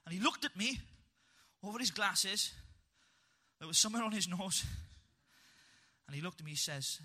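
A Welsh man telling his life story as a testimony to a live audience, animated and humorous, with punchy asides. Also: high-pitched, moderate pace, pauses often.

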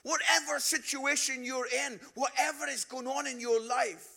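Bright-voiced Scottish preacher man. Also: very high voice, fairly even intonation, normal speed. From Scotland. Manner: chatty, with frequent "yeah?" tags and asides. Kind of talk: humorous storytelling sermon.

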